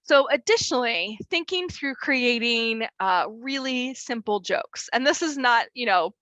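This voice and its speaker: A young woman leads an online workshop over a video call. Her voice is bright and a little high, and the sound is dry and close. She talks in a chatty, filler-heavy way and laughs easily. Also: lively intonation, a little slow, no room sound. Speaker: workshop presenter. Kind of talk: online wellness workshop talk.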